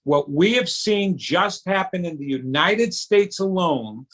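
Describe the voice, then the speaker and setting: A man's voice: high voice, animated, slow, fairly bright tone. A man speaking as a guest in an interview, explaining in an emphatic, teaching way. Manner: emphatic, teaching tone, acts out childish voices. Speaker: psychic medium guest. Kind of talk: conversational interview answers.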